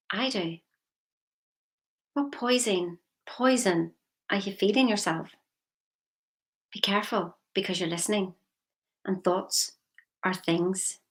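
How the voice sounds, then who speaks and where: A woman giving a motivational talk as a coach, firing repeated questions at the listener. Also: on the low side.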